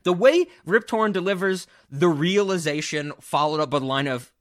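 A man co-hosting a podcast, talking in casual film chat, laughing and quoting lines excitedly. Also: high-pitched, moderate pace. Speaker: podcast co-host.

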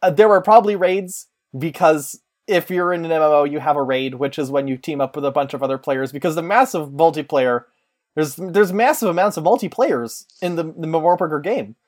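A podcast co-host in casual chat, rambling with quick asides. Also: mid-range voice.

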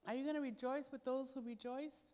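A woman's voice: sits high, fairly even intonation, brisk, dark tone. A woman pastor preaching a sermon, telling a personal story in a conversational way and acting out the dialogue. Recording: long hall reverb.

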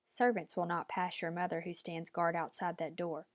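A woman's voice: fairly low pitch, flat delivery, normal speed, no room sound, lightly acted. A woman voicing a stern, commanding old woman who gives clipped, imperious orders, in a dry, close recording.

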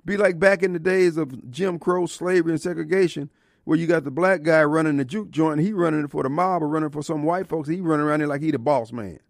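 A man with a voice on the high side talks fast on his talk radio show, captured with no echo and clean studio sound on a studio microphone in a radio studio. Colloquial and preachy, his impassioned political monologue shifts into live ad reads.

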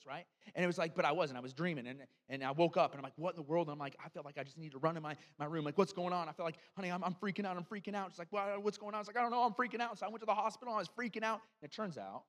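Male pastor, fairly high voice, lively conversational sermon, long hall reverb. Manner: animated, storytelling preacher with frequent asides.

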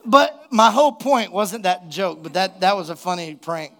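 A man, a pastor, preaching a sermon and telling a funny story in an animated way, laughing at his own jokes. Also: sits high, normal speed, vocal fry. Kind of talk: sermon with a humorous personal story.

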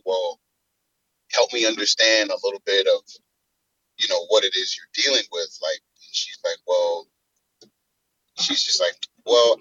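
A man calling in to a talk show, telling a story in a halting way with many restarts. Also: fairly low pitch, sharp tone, slightly rough, dry recording, muffled recording. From South Carolina. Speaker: caller. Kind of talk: casual call-in talk.

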